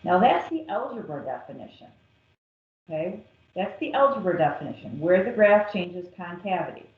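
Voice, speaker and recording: A woman's voice: lowish voice, sing-song. A woman math teacher working through a calculus problem step by step, patient and methodical. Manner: slow, patient, step-by-step explaining. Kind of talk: recorded calculus lesson. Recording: echoey, dull lo-fi classroom recording.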